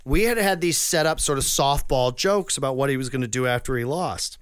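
Clear-voiced man telling a lively story. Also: medium pitch, brisk, dry recording, studio quality. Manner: animated storyteller who acts out quoted voices. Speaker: comedian and impressionist. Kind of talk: casual interview storytelling.

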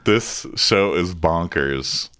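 Brief: male podcast co-host, very lively pitch, laughs a lot, casual chat. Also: very slow, clean tone. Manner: laughs often, breaks into loud acted quotes. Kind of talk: casual chat recapping a reality show.

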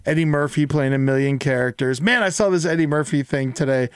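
A man's voice: a little high, a little fast, clean tone, no echo. Rambling, profane man, dry sound. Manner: rambling, profane, animated retelling. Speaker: podcast co-host. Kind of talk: casual chat.

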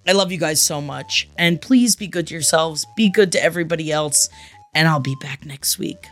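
A woman's voice: deep voice, normal speed, faint music behind. A woman podcast host reading listener messages aloud, emotional and affectionate, swearing freely. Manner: effusive and affectionate.

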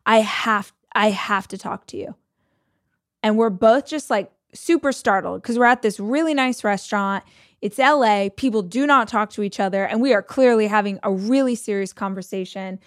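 A podcast host tells a personal story in a conversational, emotional way, full of fillers. Her mid-range voice is brisk, and the studio-quality recording has no echo.

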